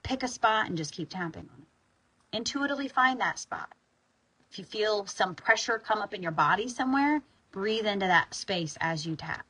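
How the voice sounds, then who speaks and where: Breathy bright-voiced woman guiding tapping. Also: mid-range voice, expressive, normal speed, poor audio. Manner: soothing, sighing, informal with bursts of emphasis. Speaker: EFT tapping guide. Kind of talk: guided tapping session.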